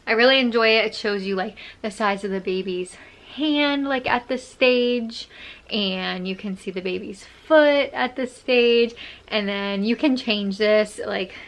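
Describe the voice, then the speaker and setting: A woman's voice: mid-range voice, a little slow. A young adult woman chatting casually to camera as a vlogger, bubbly and full of fillers, a little out of breath.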